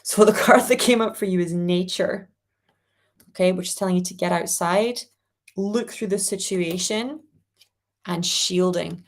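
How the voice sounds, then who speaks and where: A woman hosting a live spiritual reading, gently reassuring viewers and reading out their comments. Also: on the low side, measured pace. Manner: reads viewer comments aloud. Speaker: angel reading host.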